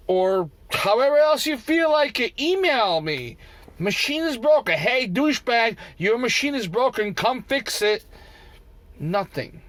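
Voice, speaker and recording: A man's voice: high-pitched, fairly bright tone. A vending machine operator venting in a frustrated, profane, repetitive rant for his vlog, talking from inside a vehicle. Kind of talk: ranting vlog.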